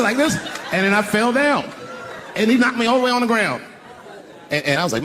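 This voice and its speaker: Older man, animated profane stand-up storytelling. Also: high voice, fairly quick, long pauses, a faint crowd. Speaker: stand-up comedian. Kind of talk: stand-up routine. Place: large live arena stage. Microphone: handheld stage microphone. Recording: live recording with background noise.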